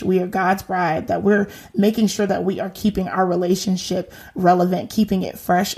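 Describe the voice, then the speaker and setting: A woman in her thirties hosts a faith podcast in a casual, earnest way. She exhorts her listeners and drops slangy asides, in a voice of ordinary pitch for a woman. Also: darkish tone.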